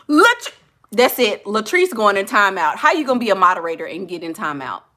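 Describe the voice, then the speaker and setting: A woman hosting a casual live chat, sassy and teasing and quick to laugh. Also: medium pitch, expressive, sharp tone. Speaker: livestream host.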